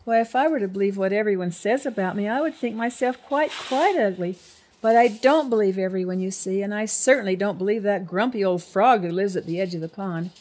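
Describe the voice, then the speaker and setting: A woman's voice: medium pitch, brisk, slight background noise, lightly acted. A grandma as a wise old spider lady. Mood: reassuring. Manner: gentle, patient.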